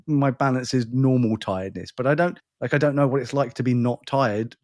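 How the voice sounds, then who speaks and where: This tired Englishman, co-hosting a podcast, rambles through casual chat in a self-deprecating way. His accent falls somewhere between London and educated, and his mid-range, darkish voice runs a little fast.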